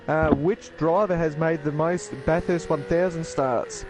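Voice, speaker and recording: A man as co-commentator on a sim race, talking casually with many pauses and fillers. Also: fairly high pitch, steady tone. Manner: casual, hesitant, full of fillers. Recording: noticeable background noise.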